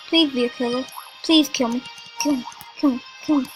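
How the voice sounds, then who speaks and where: A woman giving excitable, casual commentary on a video game she is playing, talking straight to her viewers and often repeating herself. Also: high-pitched, fairly quick, rough recording. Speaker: gaming video creator. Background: music.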